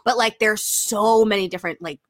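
A woman hosts a loose, chatty conversation at a middle pitch, throwing in quick reactions. She muses aloud and picks her way through her thoughts. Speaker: host. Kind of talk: casual chat.

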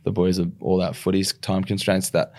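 Deep gravelly man. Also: normal speed, dry recording. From Australia. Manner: relaxed, rambling with many restarts and fillers. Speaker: rugby league player and coach. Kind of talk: casual interview chat.

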